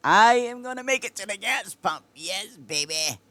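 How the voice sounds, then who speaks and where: A woman's voice: fairly high pitch, a bit bright, no room sound. A middle-aged woman streaming a game and chatting casually with her viewers, rambling and often breaking into giggles. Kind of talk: casual chat with viewers while gaming.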